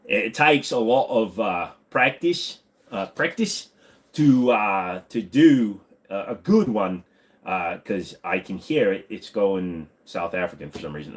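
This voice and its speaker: A man's voice: low voice, animated, measured pace. An American man hosting a casual live-stream Q&A, rambling and swearing freely. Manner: rambling and profane.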